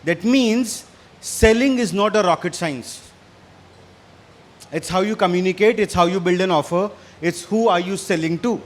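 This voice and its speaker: A man with an Indian English accent, slightly hoarse, giving an energetic interactive business talk on stage. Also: high-pitched, normal speed. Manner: energetic, quizzes and challenges the audience. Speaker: business speaker. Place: stage in front of a live audience.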